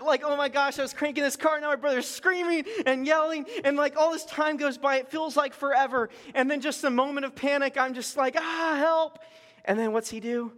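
A middle-aged male pastor with a high, light voice tells stories to his congregation. He is conversational and animated and pokes fun at himself. His voice rings out with the long reverb of a large church sanctuary. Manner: conversational, animated storytelling with self-deprecating humor. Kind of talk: storytelling sermon.

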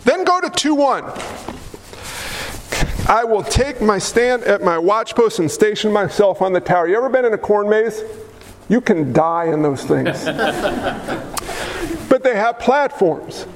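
Energetic male pastor, high voice, playful and questioning, reverberant church hall. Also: a little slow, pauses often, crowd noise. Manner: energetic, joking, asks the congregation questions. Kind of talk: sermon. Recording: echoey hall with faint noise.

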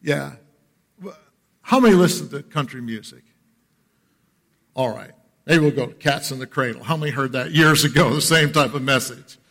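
A man's voice: medium pitch, normal speed, vocal fry, long pauses, a bit bright. A man preaching a sermon to his congregation, earnest and rising in intensity, often asking the crowd questions and waiting for answers. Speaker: pastor. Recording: long reverb of a large hall.

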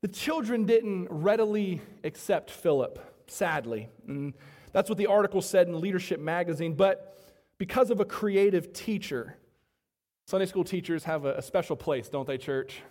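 A man with a high voice preaches a sermon, now and then asking the church to agree with him. He rises to loud emphasis and then drops to quiet, low asides. His voice carries a long reverb, as in a big hall. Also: expressive, moderate pace. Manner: call-and-response, asking the congregation to agree; dynamic, swinging between loud emphasis and soft low asides. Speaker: pastor.

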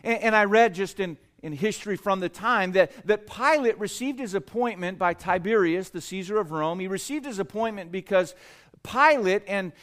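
A man preaching a sermon, building to emphatic swells with dramatic pauses and acting out voices in his stories. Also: high-pitched, a bit bright. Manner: acts out quoted voices in a storytelling joke. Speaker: pastor.

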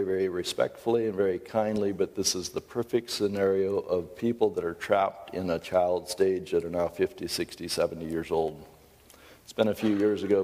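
Deep-voiced, middle-aged male seminar teacher; emphatic and earnest, with a long hall echo. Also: dark tone. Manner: emphatic, earnest, with self-deprecating asides. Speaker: seminar speaker and counselor.

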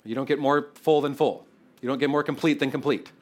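Animated conversational male preacher. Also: medium pitch, brisk. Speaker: pastor. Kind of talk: expository sermon.

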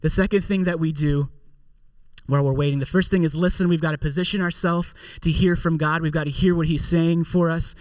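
A man's voice: on the high side, fairly even intonation, a little fast, a little mellow, no room sound, distant mic. A man preaching a sermon as a pastor, in a conversational way with joking asides.

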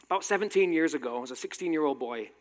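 Thirtysomething british guy, slight american tinge, wry personal story talk, voice a bit high, long hall echo. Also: animated, rapid-fire. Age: 30s. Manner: wry, self-deprecating humor. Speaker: speaker giving a talk.

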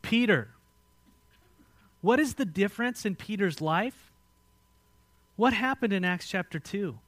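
Heard on a dry recording, this American-accented man preaches as pastor in a high-sitting, expressive voice at a slightly slow pace. He alternates booming emphasis with quiet moments and asks the congregation questions directly.

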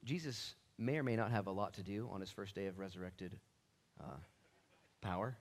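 A man pastor teaching a sermon Bible study in a church, animated and casual, with slangy jokes and asides. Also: lowish voice, normal speed.

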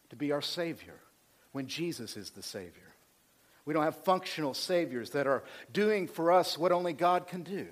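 A male pastor preaching a sermon, calling for amens and swinging from hushed, slow points to rising fervor. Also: fairly high pitch.

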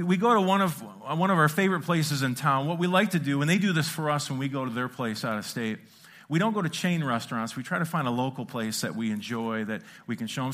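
A pastor telling a lively, self-mocking story in a sermon, acting out sounds and his own thoughts. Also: medium pitch. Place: church sanctuary.

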